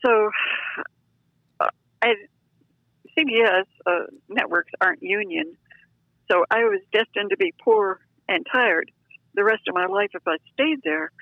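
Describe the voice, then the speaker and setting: An older woman telling a personal story in an interview, animated and acting out the voices of the people in it, on a dull lo-fi recording. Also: mid-range voice, unhurried, gravelly, pauses often, no echo. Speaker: interview guest.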